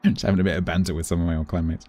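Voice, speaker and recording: A man's voice: deep voice, little pitch movement, very fast, dark tone. A man chatting casually while streaming a naval battle game, muttering and making playful noises. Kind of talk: live gameplay commentary.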